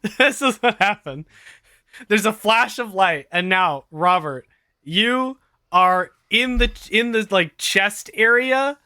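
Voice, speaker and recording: A man acting as game master, narrating a tabletop game with animated, laugh-filled explanations. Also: high-pitched, takes it slowly, clean tone, no room sound, clean studio sound.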